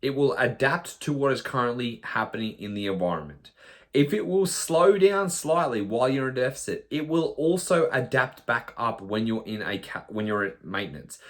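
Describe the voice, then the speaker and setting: A man, a nutrition coach, talking bluntly in a podcast monologue, swearing often and mimicking clients in quick asides. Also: mid-range voice, expressive.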